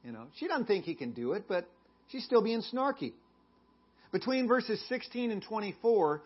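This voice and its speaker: A man's voice: sits high, husky, highs cut off. A male pastor giving a sermon in a conversational way, often asking the congregation questions.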